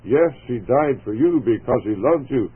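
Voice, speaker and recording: A man voicing a slight, selfless young soldier who speaks gently and earnestly. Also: medium pitch, lively intonation, moderate pace, breathy edge. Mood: tender. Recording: tinny phone-like radio broadcast.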